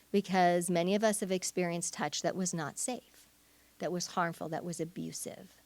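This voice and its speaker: A woman's voice: medium pitch, moderate pace, no echo. A woman giving a conversational teaching talk at a church, with frequent fillers and restarts. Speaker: church speaker.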